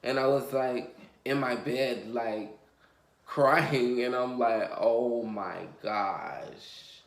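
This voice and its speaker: A man talks straight to the camera in a confessional storytime, rambling and emotional, with plenty of fillers and swearing. His voice sits at an ordinary middle pitch. The room around him sounds roomy and echoey. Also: fairly even intonation, slow. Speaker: vlogger. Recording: roomy echo.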